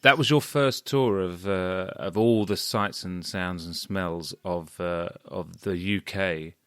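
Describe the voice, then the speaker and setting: A man from the United Kingdom with a very deep voice hosts an interview. He listens closely and murmurs agreement, and his voice is recorded dry and close. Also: takes it slowly, clean tone, no echo. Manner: attentive, with frequent murmured agreement. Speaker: host, interviewer. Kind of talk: interview chat.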